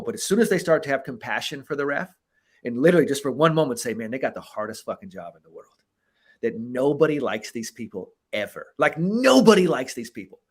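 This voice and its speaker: A man hosting a podcast as a coach, talking in a casual, emphatic way that is full of swearing. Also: mid-range voice. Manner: emphatic, profane, animated delivery. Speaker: podcast host and performance coach.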